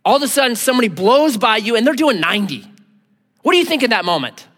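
Man, pastor, lively sermon, bright tone, long hall echo. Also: very high-pitched, fast talker. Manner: animated, acts out voices in quotes.

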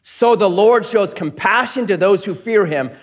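A middle-aged man preaching a sermon, swinging from loud playful storytelling to hushed earnest tones. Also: high-pitched, normal speed. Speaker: pastor.

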